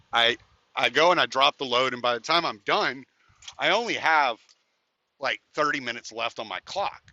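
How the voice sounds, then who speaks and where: Bright-voiced man telling a rambling story. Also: mid-range voice, no echo. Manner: profane, rambling, with restarts. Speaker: podcast host; truck driver. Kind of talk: casual storytelling. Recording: dull, dry, lo-fi podcast audio.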